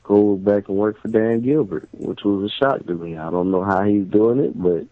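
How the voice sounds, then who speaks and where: A man leaving a voicemail, speaking in a measured, thoughtful way. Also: lowish voice, no echo. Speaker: caller. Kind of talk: voicemail message. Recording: tinny phone line.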